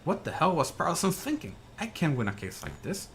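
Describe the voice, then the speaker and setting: A man's voice: fairly high pitch, wildly swooping pitch, brisk, a bit bright, voice pushed up, full character voice. A man voicing an anxious young male bird lawyer, reading game dialogue aloud with a worried, muttering manner.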